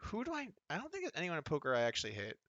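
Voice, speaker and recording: A man's voice: fairly high pitch, huge pitch swings, racing, fairly bright tone, no room sound, muffled recording. A man, chatting casually and sardonically while streaming poker from home. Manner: rambling, sardonic, mocking impressions of others. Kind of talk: casual livestream chat while playing online poker.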